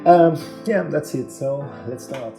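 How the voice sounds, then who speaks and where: A man with a French accent, a non-native speaker, walks through a software tutorial, hesitant and full of fillers, recorded on a phone microphone. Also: slow, gravelly. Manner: hesitant, many fillers, talks through steps. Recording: echoey room, low-quality phone mic, soft music.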